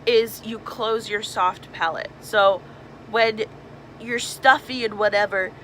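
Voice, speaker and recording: A woman's voice: medium pitch, steady tone, takes it slowly, pushed and bright, slight background noise, poor audio. A young woman, a mermaid performer, casually explaining swim tips and demonstrating nasal sounds.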